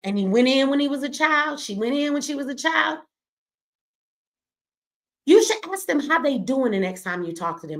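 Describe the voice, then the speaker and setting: A woman's voice: high-pitched, animated, normal speed, pauses often. A middle-aged woman giving blunt, profane, impassioned commentary on a livestream, preaching at her audience. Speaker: streamer and commentator.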